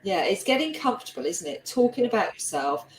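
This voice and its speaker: A woman's voice: medium pitch, big pitch swings, fairly quick. Woman, light South London twang, interview host, chatty, laughs easily, video call, roomy echo. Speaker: host and curator.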